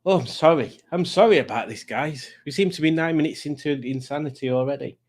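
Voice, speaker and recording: A man's voice: a little high, a little fast, darkish tone. A middle-aged British man hosting a live chat stream, rambling, self-mocking and easily sidetracked. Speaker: livestream host.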